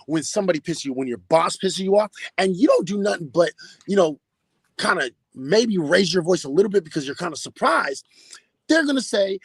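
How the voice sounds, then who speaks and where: Husky, high-voiced man ranting profanely. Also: dry recording. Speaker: podcast host. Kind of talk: casual podcast commentary.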